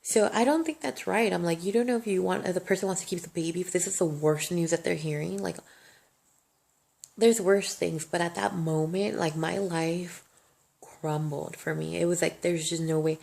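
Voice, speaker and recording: A woman's voice: lowish voice, normal speed, gravelly, a little mellow. A young woman vlogging a personal story, emotional and rambling, swearing freely. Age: young adult. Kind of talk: casual storytime monologue.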